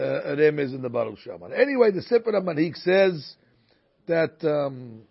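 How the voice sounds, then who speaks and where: A man with a fairly high, gravelly, husky voice teaches a Torah lesson, telling stories peppered with many Hebrew terms. The recording sounds muffled and lo-fi.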